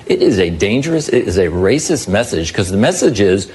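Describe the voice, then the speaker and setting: A man delivers earnest political commentary, building his argument point by point. His voice is low and a little husky. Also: animated, a little fast, hardly any pauses, a little mellow.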